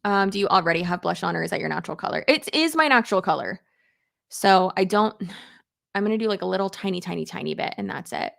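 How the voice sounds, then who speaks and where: Chatty young woman with a gravelly, lively voice. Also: on the low side, quick pace. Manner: rambling, filler-heavy, answers chat comments. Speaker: vlogger doing her makeup on a live stream. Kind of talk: casual chatty live stream.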